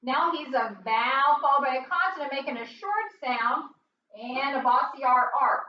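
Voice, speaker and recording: This teacher's expressive, high voice carries a slow, patient phonics lesson full of encouragement. There's slight background noise, and the distant classroom recording comes across roomy and muffled.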